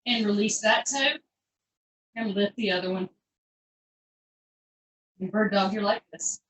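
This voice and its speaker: A woman's voice: medium pitch, unhurried, fairly bright tone. A woman leading a live online pilates class, chatty and encouraging as she calls out each move. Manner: upbeat, chatty, encouraging coaching with folksy phrases. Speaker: fitness instructor. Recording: echoey room, voice from far off.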